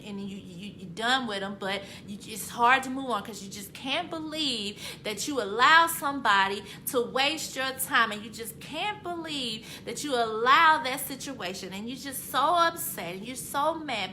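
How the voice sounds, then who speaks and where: A woman's voice: mid-range voice, sharp tone, a little hiss or hum. A woman author and motivational speaker giving an inspirational self-help talk, emphatic and repetitive, with casual conversational phrasing that swells into passionate peaks.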